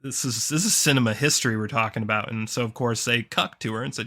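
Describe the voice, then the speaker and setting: A man's voice: mid-range voice, steady tone, a little fast, pushed and bright. A man co-hosting a podcast, ranting sarcastically and swearing heavily in a casual review chat. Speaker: podcast co-host.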